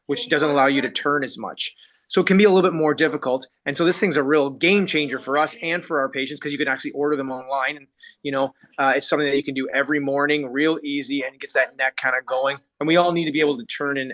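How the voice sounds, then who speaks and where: A man from a health clinic, explaining a neck exercise device in an informal, casual networking pitch. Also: sharp tone. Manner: explanatory, informal, talks through how a device works. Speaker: health and performance clinic practitioner. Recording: dull lo-fi online meeting audio.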